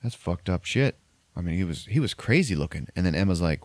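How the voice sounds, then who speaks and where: A man's voice: deep voice, animated, a little fast, no room sound. A man hosting a podcast, recapping a film plot loosely with lots of swearing. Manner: loose, profane storytelling. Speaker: podcast host. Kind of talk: casual movie recap.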